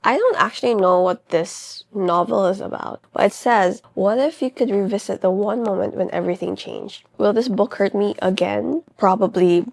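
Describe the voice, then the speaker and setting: A woman's voice: mid-range voice, moderate pace, gravelly, hardly any pauses, dry recording. A young woman vlogging about books, emotional and gushing, her voice catching as she reacts. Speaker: book vlogger. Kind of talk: casual reading vlog talk.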